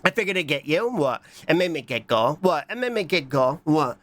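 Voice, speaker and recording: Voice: big pitch swings, fast, a bit bright. A livestreamer chatting casually while reacting to videos and reading chat, sounding congested from a cold and talking in a scattered, goofy way. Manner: scattered and goofy, with frequent repeated "What?" and squeaky high bursts.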